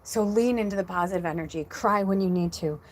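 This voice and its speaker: A woman's voice: mid-range voice, quick pace. A middle-aged woman, a psychic medium, telling a story casually on a livestream in a rambling way full of fillers, near tears. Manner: rambling, heavy use of "like" fillers; emotional, close to tears.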